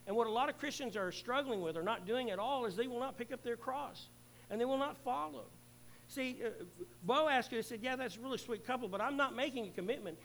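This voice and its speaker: A middle-aged male pastor preaching a sermon, earnestly, swelling loud and then dropping to a hush. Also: very high voice, brisk, slight background noise, rough recording.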